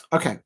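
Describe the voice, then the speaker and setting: A tired man hosting a casual football watch-along stream, rambling with many fillers as he reads out quotes. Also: a bit bright. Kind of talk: casual live-stream commentary.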